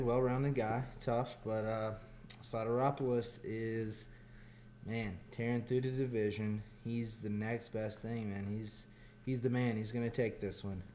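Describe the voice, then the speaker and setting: A man's voice: mid-range voice, flat delivery, measured pace, a little mellow. Southern guy, laid back, lots of uh and you know, faint hiss. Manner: laid-back, rambling with fillers. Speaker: guest fighter. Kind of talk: casual interview chat.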